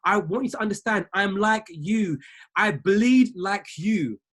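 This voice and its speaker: A man's voice: high voice, unhurried, a bit bright. A man who coaches traders, giving a motivational talk to a group in a preacher-like way, repeating lines for emphasis and speaking straight to his listeners. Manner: exhorting, talks straight to listeners. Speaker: trading coach.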